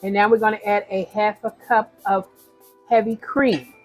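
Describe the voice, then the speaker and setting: A woman talks viewers through a recipe at her home stove, narrating each step in a chatty, casual way. Her voice is husky and a little breathy, with a middling pitch. Soft music plays faintly behind her. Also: little pitch movement, moderate pace, low-quality recording. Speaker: home cook. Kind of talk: casual cooking demonstration.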